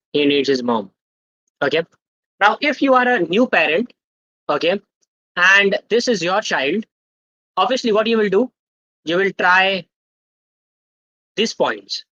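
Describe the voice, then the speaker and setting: Teaching a live online lesson as a guest speaker at a student tech workshop, a young man keeps drawing the chat in, quizzing viewers and constantly adding "okay?" while he explains. His voice sits high, bright and forceful. The dry, slightly muffled sound resembles a computer mic on a video call.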